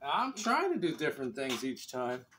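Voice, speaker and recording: Out in a windy neighborhood yard, a man records himself on his phone camera doing yard work, rambling to viewers and laughing a lot. His mid-range, fairly bright voice swings hugely in pitch at a moderate pace, with a little hiss or hum in the audio.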